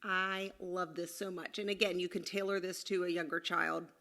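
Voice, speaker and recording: A woman's voice: fairly low pitch, level tone, normal speed, pushed and bright. Woman parenting coach giving casual advice. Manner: acts out kids' replies in snippy voices. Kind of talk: casual advice talk to camera.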